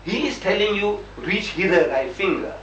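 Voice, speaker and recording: Animated man debating in an echoey room. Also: high-pitched, normal speed, dull audio. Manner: animated storytelling, exclaiming and acting out quotes. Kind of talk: heated debate. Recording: echoey room, distant mic, faint hiss.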